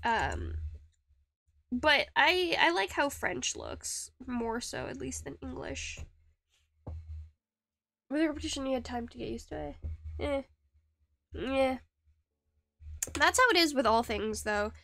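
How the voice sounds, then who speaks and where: A woman live-streams while carving rings, her high, animated voice moving slowly with long pauses, gravelly yet fairly bright. She rambles in casual chat, putting herself down and filling the air with fillers and restarts.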